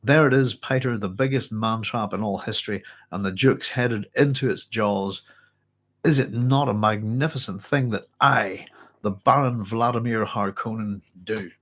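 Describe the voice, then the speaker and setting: A man's voice: fairly low pitch, moderate pace, a bit bright. A congested man, reading out the lines of a scheming, gloating villainous nobleman from a novel. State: congested, blocked-up nose.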